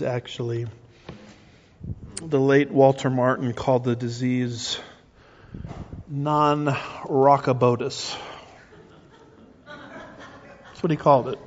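A man's voice: mid-range voice, a little mellow, slight background noise. A middle-aged man preaching emphatically, asking rhetorical questions and restarting his phrases. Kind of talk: sermon-style teaching. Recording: muffled recording with long reverb.

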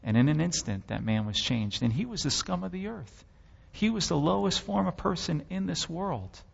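Man preaching testimony, gravelly low voice, long hall reverb, muffled sound. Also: lively intonation, normal speed. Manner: impassioned storytelling with dramatic swells. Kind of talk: sermon testimony.

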